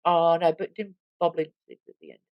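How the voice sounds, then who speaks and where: A woman's voice: fairly low pitch, a little fast, no echo, highs cut off. A woman co-hosting a podcast, telling stories in a casual chat and mimicking people as she goes. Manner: animated storytelling with mimicry. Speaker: podcast co-host.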